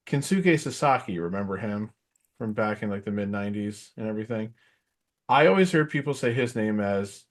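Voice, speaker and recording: A middle-aged man co-hosting a podcast, chatting casually about wrestling in a rambling way with lots of fillers. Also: lowish voice. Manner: rambling, filler-heavy, animated asides. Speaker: podcast co-host.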